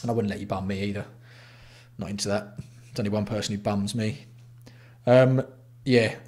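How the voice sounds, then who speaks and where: A man's voice: fairly low pitch, steady tone, moderate pace, a little mellow. A man from England hosting a casual livestream, greeting viewers by name with blunt, sweary banter. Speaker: livestream host.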